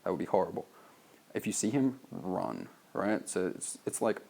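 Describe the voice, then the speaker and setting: A man's voice: deep voice, wildly swooping pitch, moderate pace, gravelly, darkish tone. An Australian man reading his own sales copy aloud and critiquing it in a loose, casual way, full of "like" and swearing. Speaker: copywriter reviewing a sales letter.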